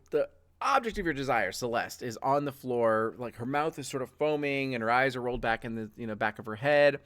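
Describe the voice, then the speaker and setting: A man's voice: mid-range voice, fairly bright tone. A man running a tabletop role-playing game, narrating the scene in a loose, rambling way full of fillers. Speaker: game master. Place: home streaming setup.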